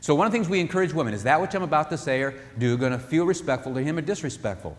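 A man giving a sermon-style talk on marriage, animated, acting out what spouses say. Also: a little high, racing, big-room sound. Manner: animated, acts out spouses' voices. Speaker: marriage speaker.

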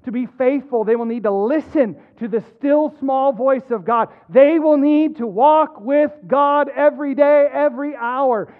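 A middle-aged man preaching a sermon as pastor, earnest and halting, often restarting his words. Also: extremely high pitch. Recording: tinny phone-like sound.

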